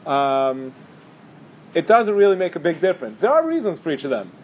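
A man's voice: fairly high pitch, very animated, moderate pace, a little mellow, a little hiss or hum. A man teaching a casual halacha class, thinking aloud with fillers and restarts. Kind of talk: casual Torah class lecture.

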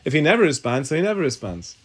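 A man's voice: a little high, very animated, very fast. A man teaching a Talmud and halacha class in a synagogue study hall, thinking aloud, often restarting sentences and mixing Hebrew terms into his English.

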